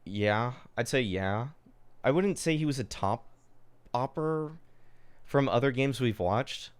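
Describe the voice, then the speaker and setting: A young man with a smooth, resonant voice comments on an old match during a live stream. He talks casually and swings quickly between disbelief and exasperation, peppering his lines with fillers and mild swearing. His pitch sits in an ordinary middle range. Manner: excitable, exasperated, swears, many fillers like "dude".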